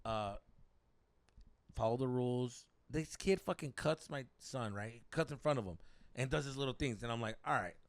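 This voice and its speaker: Gravelly man telling a heated story. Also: mid-range voice, normal speed, no echo. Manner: animated, swearing, heated. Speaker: podcast host. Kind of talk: casual storytelling.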